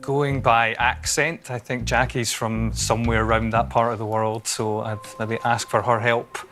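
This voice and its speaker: A man on a studio quiz works through a question aloud, hesitant and careful. His pitch sits in the middle. Music is clearly audible in the background. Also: level tone, moderate pace, a bit bright. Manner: hesitant, reasoning things out. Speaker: quiz contestant. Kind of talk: thinking aloud on a quiz show.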